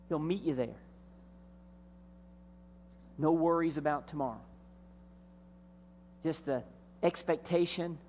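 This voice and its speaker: A male senior pastor delivers a sermon in a high-pitched voice. He tells his story in a relaxed way, stretches out the important words, and lets his lines fade softly at the end. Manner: storytelling, drawing out key words and trailing off softly.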